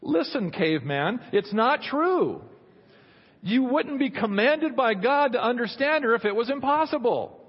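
A middle-aged man preaching in a husky voice that swoops up and down a lot. He talks conversationally and with humor, often slipping into little quoted voices. The recording is dull and carries a long hall reverb. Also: extremely high pitch, big pitch swings, measured pace. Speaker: pastor. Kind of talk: sermon.

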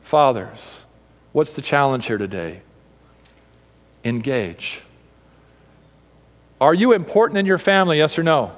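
A man preaching a sermon, emphatic, swinging between raised and hushed delivery. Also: fairly high pitch, very animated, fairly quick, big-room sound.

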